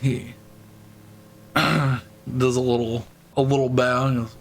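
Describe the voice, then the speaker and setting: A man narrating a tabletop game as game master, halting with many fillers, often clearing his throat and laughing. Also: mid-range voice, fairly even intonation, a little hiss or hum, poor audio.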